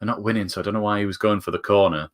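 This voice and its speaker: He's a northern Englishman commentating live on a football match as a fan, racing along in a voice on the low side with a steady tone. His delivery is chatty and jokey, rising sharply whenever the action picks up.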